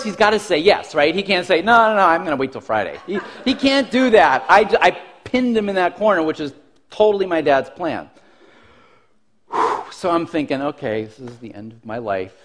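A male pastor with a high-pitched voice tells a story from the pulpit. His delivery is animated and self-mocking, and he often laughs as he talks. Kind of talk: storytelling sermon.

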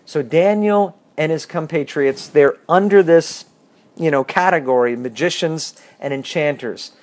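A man leading a bible study, reading verses and explaining them with lively questions to the class. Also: on the high side, unhurried. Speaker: bible teacher.

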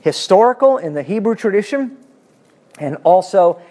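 A man in his fifties teaching a Bible class in a conversational lecture style, animated and chatty with asides to his students. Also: normal speed. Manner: animated, pitch swinging up when emphatic.

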